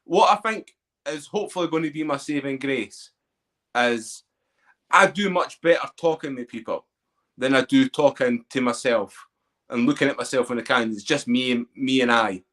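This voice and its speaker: A man's voice: medium pitch, moderate pace, a bit bright. A man hosting a podcast, talking candidly and questioning himself in a casual chat. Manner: candid, self-questioning, swears. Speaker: podcast host.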